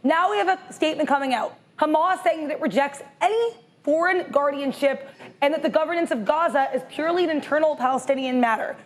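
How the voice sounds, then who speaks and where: A woman giving a brisk, clear live market news update on a trading stream. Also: high-pitched.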